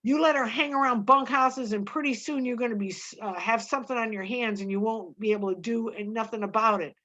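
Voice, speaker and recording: A woman reading the lines of a gruff, blunt ranch hand with scornful delivery. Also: fairly high pitch, fairly quick, fairly bright tone, dull audio.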